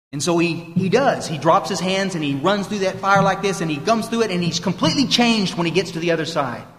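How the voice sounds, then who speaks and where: A man's voice: high voice, fairly bright tone. A man giving a heartfelt talk as guest speaker at a recovery meeting, earnest and repeating phrases for emphasis. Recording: echoey hall, roomy long reverb.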